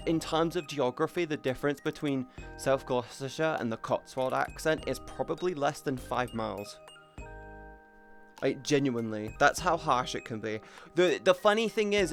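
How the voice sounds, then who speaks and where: A young man from near Bristol, chatting casually on a livestream and often breaking off mid-sentence to restart. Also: fairly high pitch. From England, near Bristol. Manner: rambling, self-interrupting, chatty. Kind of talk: casual stream chat.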